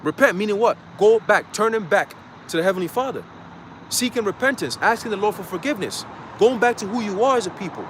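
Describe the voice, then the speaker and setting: A man's voice: sits high, animated, fast, fairly bright tone, slight background noise. A man preaching casually on a livestream from a parked car, blunt, profane and slangy, getting heated. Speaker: street preacher.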